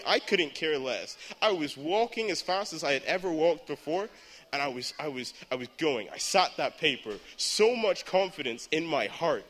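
A man's voice: on the high side, sing-song, moderate pace. Earnest teenage boy preaching to a church hall. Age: teens. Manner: earnest, builds to fervent shouting. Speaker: teen speaker at church service. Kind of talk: youth sermon.

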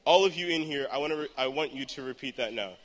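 A teenage boy gives an earnest youth sermon in a church hall, at times rising to fervent shouting. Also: medium pitch, fast. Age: teens. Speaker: teen speaker at church service.

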